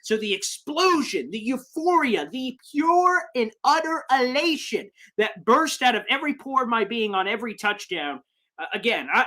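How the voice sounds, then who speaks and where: A young man hosting a sports fan livestream, reading chat comments with hyped, shouty excitement. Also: extremely high pitch. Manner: hyped, shouting bursts of celebration.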